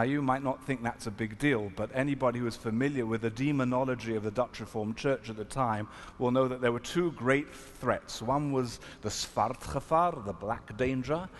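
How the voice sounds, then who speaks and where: A man from South Africa, a rabbi, telling a story at a panel in an earnest, reflective, halting manner. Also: medium pitch. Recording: echoey hall, faint noise.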